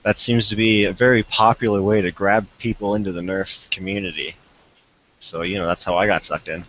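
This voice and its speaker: A man's voice: low-pitched, steady tone, fairly quick, a bit bright, a little hiss or hum. A young man as a podcast guest, chatting casually and a little hesitantly, with fillers and a self-deprecating manner. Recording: dull lo-fi remote call audio.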